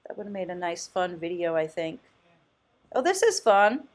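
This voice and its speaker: A woman vlogging casually as a thrift host, chatty and enthusiastic, often exclaiming and thinking out loud. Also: on the low side, very animated, moderate pace. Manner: muses aloud, thinking out loud. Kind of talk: casual vlog commentary.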